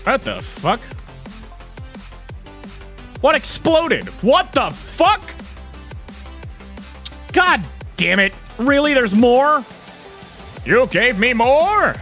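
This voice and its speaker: A young male streamer talking casually into a desk microphone at home. He swears freely and mocks himself in a giggly way. His voice is bright and lively, and his delivery is unhurried. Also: high-pitched. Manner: profane, giggly, self-mocking. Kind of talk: casual live-stream chat while gaming.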